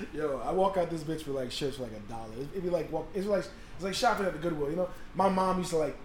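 A man trading jokes on a laid-back podcast, teasing himself and the others. His voice sits slightly high and carries a roomy echo. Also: huge pitch swings, a little fast, a crowd in the background. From Africa. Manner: playful, self-mocking storyteller. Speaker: podcast co-host. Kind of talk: casual banter.

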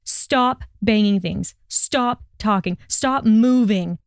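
Sneering young male wizard, read by a woman: slow, forceful growl, louder. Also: medium pitch, expressive, no room sound, studio quality, lightly acted.

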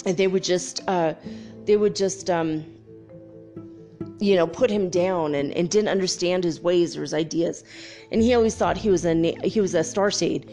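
A middle-aged woman telling a spiritual story in a candid, animated way, laughing often and acting out what others said. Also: on the low side. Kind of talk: casual spoken storytelling.

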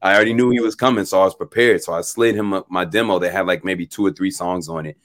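A young musician guest on an interview show delivers a story with a deep voice at a quick pace. He stays relaxed and animated, laughing frequently and acting out others' words, in a dry recording.

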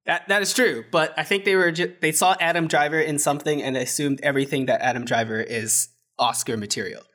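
A man's voice: a little high, fairly even intonation, fairly quick, pushed and bright. A man co-hosting a casual movie review chat, sarcastic and often laughing. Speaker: podcast co-host.

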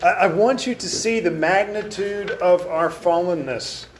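A man with a fairly high voice teaches an adult Bible class in a church classroom. He speaks with emphasis, reading scripture aloud and dwelling on key words. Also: measured pace, a little hiss or hum. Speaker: Sunday school teacher.

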